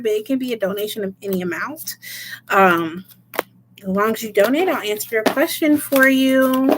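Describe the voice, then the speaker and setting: A woman's voice: a little high, noisy background. A woman doing a casual livestream as a tarot reader, chatting, laughing often and greeting viewers by name.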